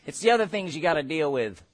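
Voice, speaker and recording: A middle-aged man preaching a sermon, emphatic, building to shouted exhortations with quick humorous asides. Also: fairly high pitch.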